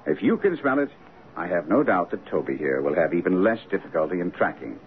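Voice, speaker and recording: Sherlock Holmes, brisk and commanding. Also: male voice, low-pitched, very animated. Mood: dry, confident. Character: brisk, commanding male detective, middle-aged. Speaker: detective. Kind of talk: 1970s radio drama acting. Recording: tinny lo-fi radio broadcast with faint hiss.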